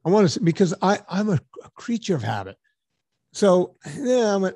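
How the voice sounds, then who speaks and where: A man's voice: high voice, moderate pace, no room sound, studio quality. A man hosting a podcast, telling a story in casual chat and acting out the dialogue, with some casual swearing. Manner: animated storyteller, acts out dialogue. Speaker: podcast host.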